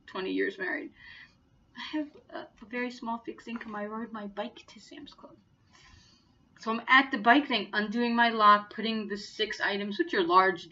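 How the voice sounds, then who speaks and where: Brief: woman, 50s, bright and forceful tone, earnest, indignant vlog storytelling, dull lo-fi recording. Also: medium pitch. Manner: earnest, indignant retelling of an incident. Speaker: vlogger.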